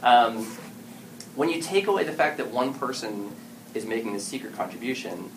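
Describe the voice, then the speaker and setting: A man gives a relaxed, animated talk to an audience in an event room. His voice swings widely in pitch as he acts out little exchanges between players and game masters. He sounds set back from the microphone, with steady background noise under him. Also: moderate pace. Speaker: panel speaker on story games. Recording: distant mic with clear background noise.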